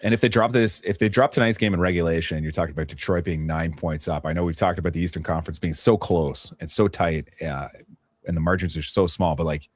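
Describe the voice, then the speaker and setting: Male co-host, very low voice, dry sound, analytical. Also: no echo. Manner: rapid, lots of "like", analytical. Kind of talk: casual sports radio chat.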